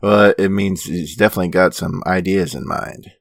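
A man co-hosting a casual chat, recapping plot in a relaxed way with frequent chuckles. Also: low voice, moderate pace, creaky, no room sound, studio quality. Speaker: podcast co-host recapping episodes.

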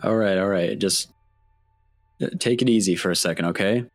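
A man's voice: low-pitched, normal speed, no echo, studio quality, faint music behind. A man playing his character in a tabletop game, talking casually and stammering now and then. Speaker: player.

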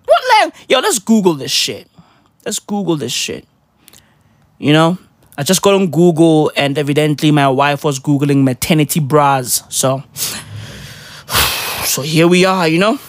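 A man ranting casually, rambling in heavy slang with mock patois words, swinging between loud outbursts and low mutters. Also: animated, measured pace, long pauses, no echo. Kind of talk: casual profane rant.

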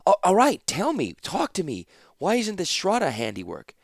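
A man's voice: high-pitched, huge pitch swings, normal speed, creaky, no echo, clean studio sound, pitched above the performer's own voice, exaggerated voice. A man voicing a tough female warrior who talks in clipped, urgent lines in an audiobook. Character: tough blunt female warrior, terse and practical. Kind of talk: audiobook character voice.

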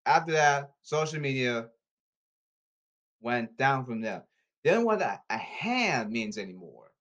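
A man hosting a solo podcast, ranting with exasperation and repeating himself, his pitch leaping and his loudness swinging. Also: normal speed. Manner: animated, erratic pitch leaps and volume swings. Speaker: podcast host.

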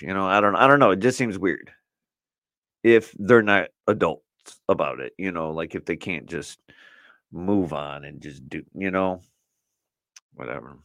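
Rambling middle-aged man, low voice. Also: unhurried, long pauses, fairly bright tone, no room sound, clean studio sound. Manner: rambling, loose, heavy on "you know" and "like". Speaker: podcast host. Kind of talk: casual solo podcast chat. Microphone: camera setup for video recording.

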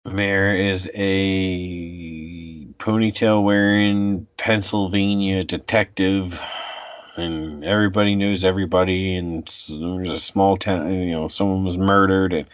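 Guy in his 40s with a really low voice, rambly laid-back chat, dry muffled audio. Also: level tone, smooth, no echo. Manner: rambling, halting, many fillers and restarts. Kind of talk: casual chat.

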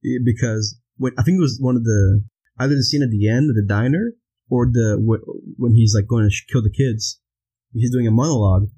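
A man's voice: medium pitch, a little fast, mellow, slightly rough, poor audio. A young man co-hosting a casual podcast chat about a film, rambling with many fillers. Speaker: podcast co-host.

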